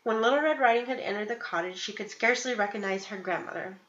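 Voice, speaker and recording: Woman, fairy tale reading, steady narration, roomy echo, dull recording. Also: medium pitch, quick pace. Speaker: storyteller.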